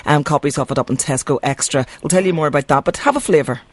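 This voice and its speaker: A Northern Irish radio host fires off questions at a quick clip, brisk and friendly. The studio sound is close and dry, with no room around the voice. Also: medium pitch, no echo, soft background music. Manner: brisk, friendly, laughs often. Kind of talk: radio interview. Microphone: studio microphone.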